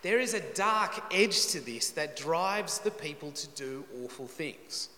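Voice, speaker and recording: A man's voice: on the high side, animated, unhurried, bright, forceful tone. A man preaching through a Bible passage, reading verses dramatically and adding wry, joking asides. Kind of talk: expository sermon. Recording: roomy echoey hall.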